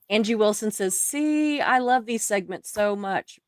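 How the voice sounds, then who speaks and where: A woman's voice: medium pitch, no echo, studio quality. A woman with a Southern accent hosting a casual livestream, chatting and reading viewer comments aloud with frequent laughter. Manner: giggly, chatty, laughs often. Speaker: livestream host.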